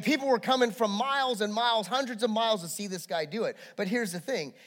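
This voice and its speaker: A pastor preaches in a large hall, his high, bright voice carrying an animated, story-driven sermon. His delivery rises and falls, from hushed asides to energetic climaxes.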